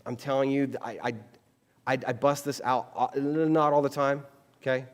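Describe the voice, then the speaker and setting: A man's voice: mid-range voice, moderate pace, clean tone. Pastor guy giving a laid-back sermon, acts out quotes, big echoey church sound. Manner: chatty, animated, acts out quoted dialogue. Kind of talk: conversational sermon. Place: church sanctuary.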